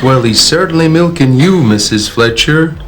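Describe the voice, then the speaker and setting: A man playing a plodding police constable who talks slowly and patronisingly in a comedy sketch. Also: on the high side, expressive, a crowd in the background, background noise, lightly acted.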